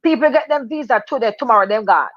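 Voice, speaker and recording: A woman's voice: on the high side, expressive, fast, dry recording. A middle-aged Jamaican woman chatting animatedly in patois, telling a story on a radio talk show. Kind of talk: casual storytelling chat. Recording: dull, dry lo-fi sound.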